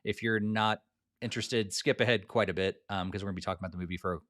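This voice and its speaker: A man hosting a casual podcast, relaxed and hedging, with a lot of fillers. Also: fairly low pitch, fast, no room sound, clean studio sound. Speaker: podcast host.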